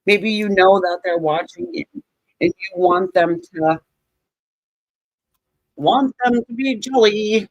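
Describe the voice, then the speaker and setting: A woman's voice: medium pitch, lively intonation, slow, long pauses, dry recording, lo-fi sound. Woman tarot reader, casual and sarcastic, cursing freely, dry close sound. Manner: joking, sarcastic and profane, laughs often.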